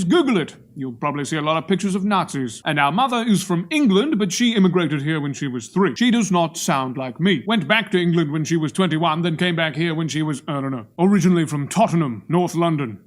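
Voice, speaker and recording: Vlogger, man from Australia: projecting, wordy, dry wit, voice a bit on the high side. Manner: verbose, pontificating, projecting, wry. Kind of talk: monologue to camera.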